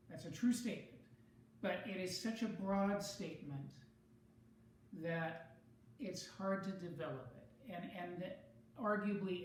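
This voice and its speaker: A teacher giving a measured, explanatory writing lesson, speaking slowly and carefully to students. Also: medium pitch. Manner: measured, explanatory, rereads for clarity. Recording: very echoey room, mic far off, faint noise.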